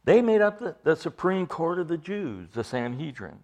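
A man's voice: on the high side, big pitch swings, moderate pace, darkish tone. A man preaching an expository sermon, emphatic, repeating phrases for stress and putting questions to his listeners.

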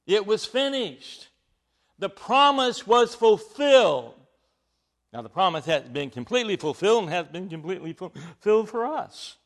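A man's voice: high-pitched, sing-song, normal speed. A man preaching a sermon, teaching from scripture in an emphatic way, with frequent rising bursts of emphasis.

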